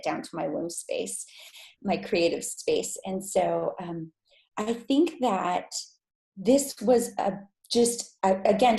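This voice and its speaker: A woman telling a personal story as a podcast guest, with lively, high-pitched acted-out quotes. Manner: animated, acts out quotes in high voice. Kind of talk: casual storytelling interview. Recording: echoey room.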